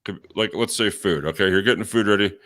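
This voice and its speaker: A man co-hosting a radio show, telling animated, profane stories and laughing often. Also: lowish voice, fast. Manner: animated storyteller, swears freely, laughs a lot. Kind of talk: casual profane chat.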